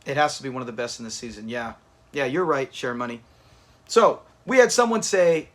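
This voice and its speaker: A man's voice: mid-range voice, expressive, fairly quick. A man hosting a live watch party, chatting casually with viewers and thanking them by name. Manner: chatty, reads out viewer names, restarts often.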